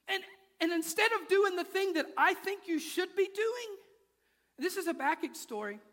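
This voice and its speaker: A man's voice: extremely high pitch, lively intonation, normal speed, sharp tone. A man preaching a sermon in a church, moving from playful asides to intense, rising appeals. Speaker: pastor. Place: church sanctuary. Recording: large hall with long reverb.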